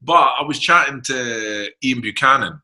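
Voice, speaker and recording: A man's voice: mid-range voice, measured pace, pushed and bright, slight background noise. A Scottish man hosting a casual interview over a video call, friendly and joking with his guest. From Scotland. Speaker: podcast host.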